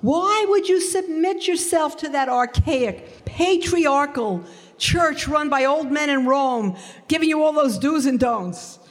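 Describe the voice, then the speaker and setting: A woman voicing an incredulous, scolding woman coworker in a high, exclamatory voice. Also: animated, slow pace. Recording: long hall reverb.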